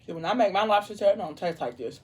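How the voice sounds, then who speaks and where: Speaking fast with lively intonation, this woman has a medium-pitched voice that's a little mellow and slightly rough. She's a vlogger eating and casually recapping a book's scenes, reading out lines of dialogue and peppering her chatty storytelling with "like."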